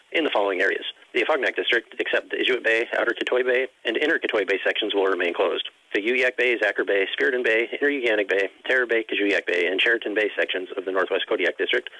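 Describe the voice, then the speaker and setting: A man reading an official fishery advisory in a brisk, formal way. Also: lowish voice, sharp tone, no echo, poor audio. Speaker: agency announcer.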